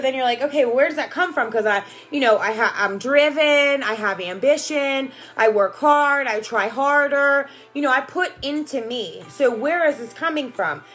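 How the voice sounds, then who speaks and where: A woman's voice: high-pitched, fairly bright tone. A woman life coach talking casually and emphatically on a livestream, often asking "right?" and greeting viewers by name. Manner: emphatic, rambling, repeats "right?" and "you know". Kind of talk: casual motivational livestream talk.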